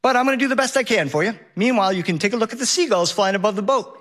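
A woman's voice: on the high side, lively intonation, rapid-fire, voice pushed up, lightly acted. Man doing a chatty woman boat captain. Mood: announcing. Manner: easygoing announcer patter over a loudspeaker.

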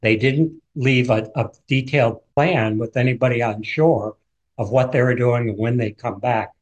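A man's voice: mid-range voice, fairly even intonation, moderate pace, highs cut off. A man who is an author, vividly retelling a true story as a guest in a radio interview.

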